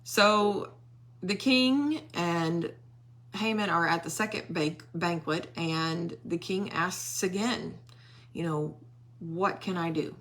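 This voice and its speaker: A woman leading a Bible study, walking listeners through a scripture story at an unhurried pace. Her voice sits a little low for a woman. She drops into animated quoted voices for the characters.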